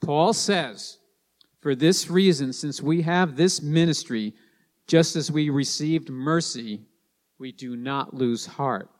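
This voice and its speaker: A man's voice: fairly high pitch, slow, in a large hall. A man preaching a sermon to his congregation, stressing points and repeating key lines.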